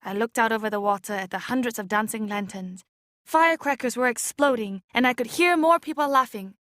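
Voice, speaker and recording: A woman's voice: a little high, fairly quick, fairly bright tone, no echo. Woman reading a story aloud, dry and close. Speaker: audiobook reader. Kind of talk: scripted narration.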